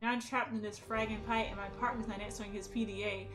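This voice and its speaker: A woman's voice: mid-range voice, fairly even intonation, fast, a crowd in the background, natural voice. A woman voicing a man trapped in a pipe who urgently pleads for help, reading game dialogue aloud. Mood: pleading.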